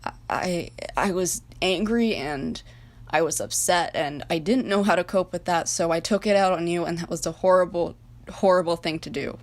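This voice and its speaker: A woman voicing a gentle, remorseful male figure who speaks softly and hesitantly, in a fan-made story reading. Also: fairly low pitch, normal speed, lightly acted. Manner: soft, hesitant, apologetic. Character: remorseful male personified Soviet nation, gentle.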